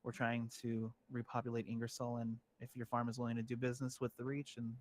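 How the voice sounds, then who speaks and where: A man's voice: mid-range voice, monotone, fast talker. Male player, easygoing, stumbling, faint background noise. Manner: easygoing, stumbling, speaks his character's lines in his own voice. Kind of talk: playing a tabletop game.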